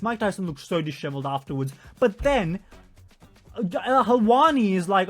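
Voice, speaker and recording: A young man venting in a heated, profane casual rant, his loudness swinging from mutters to shouts. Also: high-pitched, expressive, moderate pace, faint music behind. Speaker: vlogger.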